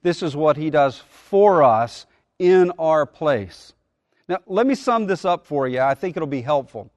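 A middle-aged male pastor preaching a sermon in an earnest way, slowing down and building up on key phrases. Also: a little high, animated, darkish tone, dry recording.

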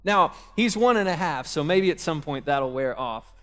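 A man's voice: fairly high pitch, lively intonation, moderate pace, fairly bright tone. A young man preaching a sermon in a casual, conversational way, telling stories from home and speaking directly to parents. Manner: conversational, storytelling with asides to parents. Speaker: pastor. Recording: long reverb of a hall.

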